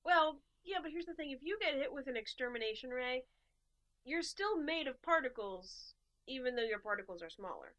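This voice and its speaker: Brief: woman podcast co-host, higher voice, chatty and animated storyteller. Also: normal speed, dull audio. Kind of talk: casual chat.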